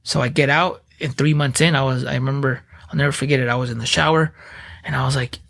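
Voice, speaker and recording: A man in his thirties, a podcast guest, telling his story in blunt, profane, animated casual speech. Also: medium pitch, fast talker, gravelly.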